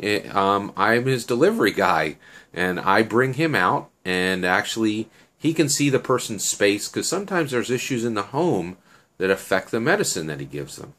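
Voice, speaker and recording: A man's voice: on the low side, very animated, moderate pace, fairly bright tone. Man doing a proud, lecturing young guy. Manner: earnest, lecturing. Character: proud young male delivery guy, touchy about tradition.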